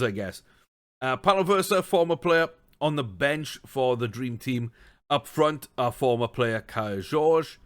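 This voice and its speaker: In an unhurried but animated way, a male gaming streamer narrates his football management game session. His pitch is average, his let's-play talk relaxed and conversational, with thinking out loud and the odd exasperated outburst.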